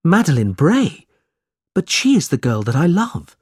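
A man's voice: on the high side, huge pitch swings, unhurried, slightly rough, no echo, studio quality, voice pushed up, full character voice. A man voicing an earnest young hero. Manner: urgent and earnest.

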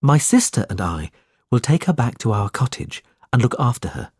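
A man's voice: medium pitch, very animated, moderate pace, a little mellow, breathy edge, no echo, clean studio sound. A man voicing an earnest, brave young man in a storybook reading, urgent and sincere.

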